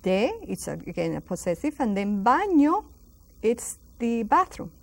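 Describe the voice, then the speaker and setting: A woman teaching a televised lesson, patiently repeating each word slowly and inviting viewers to say it with her. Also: a little high, big pitch swings, vocal fry, darkish tone. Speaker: Spanish teacher. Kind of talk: slow televised language lesson.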